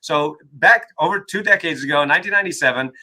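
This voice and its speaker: A man's voice: on the high side, fast, bright, forceful tone, rough recording. A man being interviewed as an author and coach, talking emphatically and often checking in with "right?". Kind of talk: energetic interview talk.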